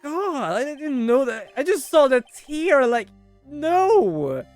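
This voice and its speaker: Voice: high-pitched, takes it slowly, faint music behind. A streamer giving casual, emotional commentary while playing a story game. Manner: animated, emotional reactions. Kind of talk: casual let's-play commentary.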